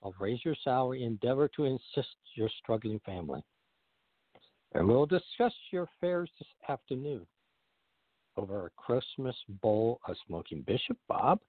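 A man growling as Scrooge, a gruff old miser. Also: mid-range voice, big pitch swings, normal speed, no room sound, voice pushed down. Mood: gruff, booming. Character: gruff old miser turned jovial employer. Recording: narrow phone-line sound.

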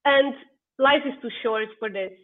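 A woman's voice: a little high, measured pace. A woman guest on a podcast, talking in an earnest, encouraging, casual way. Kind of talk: casual conversational interview. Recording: tinny phone-like call line.

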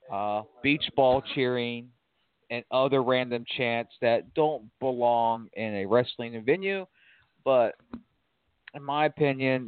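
A man's voice: medium pitch, smooth, no echo. Man, opinionated wrestling podcast co-host, blunt, tinny phone-like sound, dry. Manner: opinionated, swears casually, laughs along. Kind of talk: casual wrestling talk.

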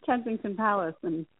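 A woman's voice: a little high, breathy edge, no echo. Chatty woman on a tinny line. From Central Ohio, USA. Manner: chatty, laughs often. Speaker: guest, nutrition practitioner. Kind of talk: casual interview chat. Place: New York City.

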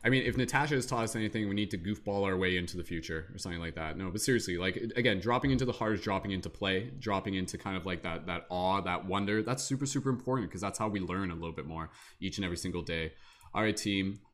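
A man's voice: sits low, quick pace, fairly bright tone. A man hosting a live online panel in a casual, enthusiastic way, rambling with lots of "like" and restarts, heard over a video call.

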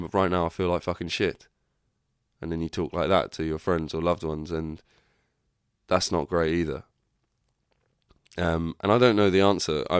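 A man's voice: low-pitched, clean tone, dry recording, clean studio sound. A young man hosting a podcast, talking candidly and rambling in a casual reflective monologue, swearing freely. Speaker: podcast host.

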